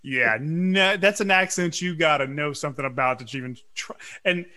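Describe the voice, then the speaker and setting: A middle-aged man from Louisiana chatting casually on a podcast, ranting with quick asides. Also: on the high side, bright, forceful tone. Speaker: podcast co-host. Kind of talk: casual chat.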